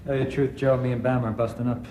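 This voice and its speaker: Man playing a career criminal, wisecracking, dry, needling, warm dark voice. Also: mid-range voice, level tone, quick pace, a little hiss or hum, close to an everyday voice. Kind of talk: film drama acting.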